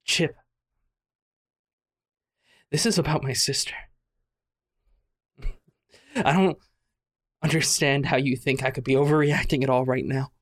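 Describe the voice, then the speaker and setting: A man's voice: mid-range voice, steady tone, unhurried, long pauses, close to an everyday voice. A man voicing a young man pursuing his sister's killer, intense and accusing.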